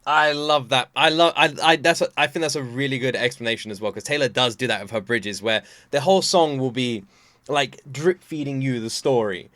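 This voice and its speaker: A man hosting a casual reaction video, excitable and laughing often, with rambling restarts. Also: medium pitch, brisk, no room sound. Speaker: reaction channel host.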